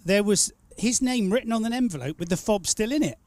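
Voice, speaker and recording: A high-pitched man hosts a casual live stream, a teasing storyteller who rambles on. The sound is dry and close, with no room to it. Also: lively intonation, brisk, a little mellow, no echo. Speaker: stream host. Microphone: studio mic.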